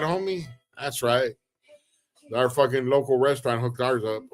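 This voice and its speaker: A man's voice: medium pitch, fairly bright tone. A man, hosting a casual livestream chat, talking in a laid-back, slangy drawl and answering viewers' comments. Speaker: livestream host reading chat.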